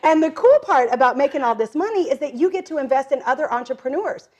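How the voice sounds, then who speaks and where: A middle-aged woman, a direct-selling entrepreneur, is a guest in a casual interview, talking quickly in a high voice on a muffled recording. A lively storyteller, she often acts out quoted voices and laughs, with plenty of fillers like "um" and "like."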